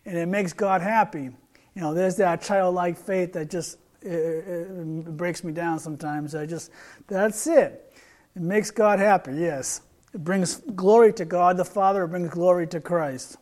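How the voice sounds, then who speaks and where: A man's voice: high voice, a little slow, a little mellow. A man preaching a sermon, reading scripture aloud and retelling a street conversation, earnest with frequent repeated words and restarts.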